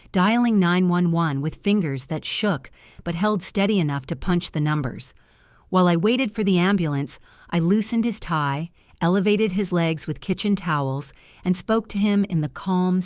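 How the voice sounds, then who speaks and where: A woman in her fifties narrates a first-person story in a measured, earnest way. Her voice sits somewhat low. The recording is dry, with no room sound. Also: darkish tone, no echo.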